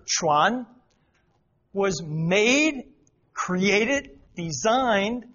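Man, fairly high voice, folksy teacher at church, dull lo-fi sound. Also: a bit bright. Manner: folksy, repeats words for emphasis. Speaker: missionary teacher. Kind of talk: church talk explaining Chinese characters. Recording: dull lo-fi recording.

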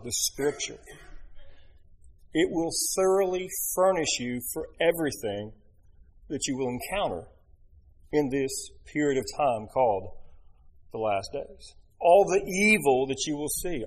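A middle-aged man preaching a sermon, asking his listeners rhetorical questions and leaning on emphatic pauses. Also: medium pitch. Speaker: pastor.

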